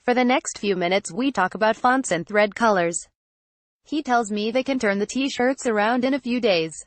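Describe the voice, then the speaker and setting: A woman narrating a memoir excerpt in an even, measured reading voice that changes little for the quoted lines. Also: on the high side, no echo. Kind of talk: steady read-aloud narration.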